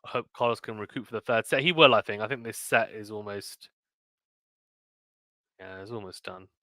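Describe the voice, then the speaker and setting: British man with a bright voice calling tennis. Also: lowish voice, normal speed, dry recording. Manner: chatty, reads viewer comments aloud between points; calls points with rising excitement. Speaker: host of a live tennis play-by-play stream. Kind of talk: live play-by-play commentary mixed with casual chat.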